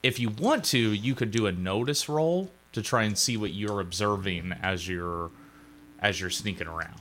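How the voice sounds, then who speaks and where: Casting note: a young male game master, low-pitched, forceful tone, casual rambling narration. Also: moderate pace, a little hiss or hum.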